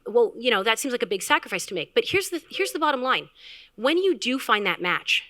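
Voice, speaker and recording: A woman founder giving a candid, animated storytelling talk at a live event, acting out quotes with filler words. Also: on the high side, fairly quick. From Canada. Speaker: health tech founder, speaker.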